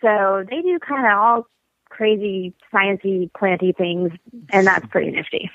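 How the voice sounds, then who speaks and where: A woman's voice: mid-range voice, measured pace, dry recording. A woman guest on a podcast, chatting with playful enthusiasm. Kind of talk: casual podcast chat. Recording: dry, tinny phone-like line.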